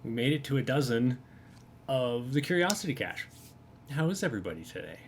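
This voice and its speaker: A man with a mid-range voice runs a tabletop game. He narrates in a relaxed way, laughing often and pausing with fillers. A faint low rumble sits under the recording. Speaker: game master.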